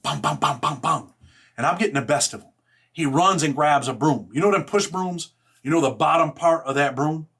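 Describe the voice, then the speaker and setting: A man with a slightly raised pitch tells a hard story in loose, rough slang. He talks bluntly and curses freely. He keeps checking in with "right?" and "man". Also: moderate pace, a bit bright. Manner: blunt and profane. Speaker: show host telling a personal story. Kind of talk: casual spoken storytelling.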